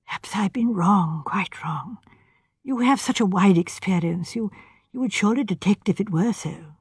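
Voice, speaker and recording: A woman reading the part of an elderly genteel spinster sleuth, gentle and hesitant. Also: mid-range voice, fairly quick, husky, no echo, clean studio sound. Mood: anxious. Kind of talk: audiobook character voice.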